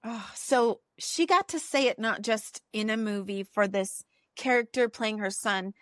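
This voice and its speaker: Woman podcast cohost, lively, acts out the quotes, laughs a lot, dry room. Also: medium pitch, measured pace, no echo. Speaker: podcast co-host. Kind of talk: casual chat.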